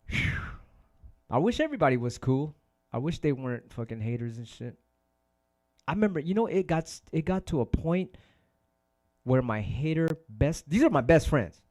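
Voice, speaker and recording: A man's voice: a little high, very animated, normal speed, pauses often, a little mellow. A man hosting a casual livestream chat, rambling and swearing a lot, often repeating his phrases. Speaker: DJ and host.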